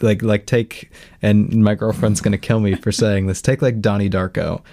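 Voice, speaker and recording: A man's voice: on the low side, steady tone, normal speed, gravelly, mellow. A young man co-hosting a casual film review podcast, jokey and rambling, often repeating himself. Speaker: podcast co-host.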